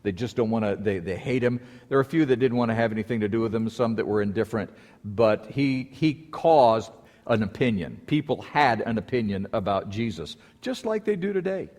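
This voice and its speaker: Animated preacher in an echoing hall. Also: male voice, lowish voice, fairly quick. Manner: lively storytelling, acting out quoted voices. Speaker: pastor. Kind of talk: sermon. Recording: long hall reverb.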